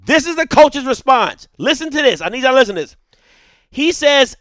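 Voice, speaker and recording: A man in his thirties hosting a show, retelling a story in an animated, heated way. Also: extremely high pitch, a little fast, no echo, studio quality. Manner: heated, emphatic retelling with quoted dialogue. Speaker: show host.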